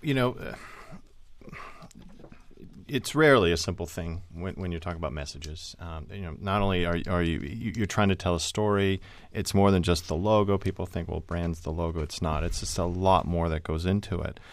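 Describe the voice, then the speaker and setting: A man's voice: sits low, normal speed, no echo. A man who is an advertising executive guest on a radio panel, speaking casually with you-knows and repeated words. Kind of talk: radio interview, casual conversation.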